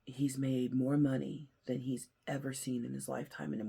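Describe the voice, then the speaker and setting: A man with a gravelly, husky voice talks through a story in a casual commentary. He leans hard on some lines and drops to a hush on others. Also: medium pitch, little pitch movement, moderate pace, hardly any pauses. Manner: earnest storyteller, swings between loud emphasis and hushed near-whispers. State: emotional, near tears. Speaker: host.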